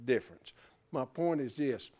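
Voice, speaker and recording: A man teaching a Bible class, animated, who keeps asking rhetorical questions and restarting his words as he thinks aloud. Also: mid-range voice, moderate pace.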